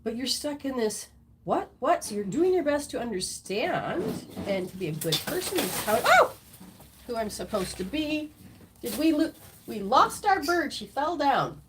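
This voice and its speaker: A woman's voice: a little high, very animated, measured pace, noisy background. A woman teaching as a spiritual healer and intuitive reader during a live-streamed session at home. She acts out people's reactions in quoted voices.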